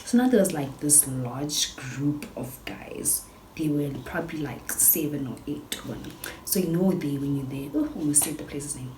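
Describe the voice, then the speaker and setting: A young South African woman with a South African accent, telling a storytime in a chatty, animated vlog style full of fillers and switches between English and Sesotho. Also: low-pitched, moderate pace. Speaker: YouTuber. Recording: echoey room with background noise.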